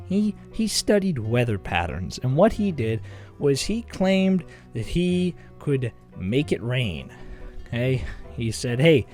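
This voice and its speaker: Rambling young man telling jokey stories. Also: medium pitch. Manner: rambling, jokey, self-interrupting. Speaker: comedic video host. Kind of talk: casual comedic storytelling.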